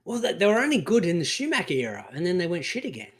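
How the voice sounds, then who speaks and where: Higher-voiced easygoing man. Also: wildly swooping pitch, rapid-fire, husky. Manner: easygoing, opinionated, swears casually. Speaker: podcast co-host. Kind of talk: casual chat.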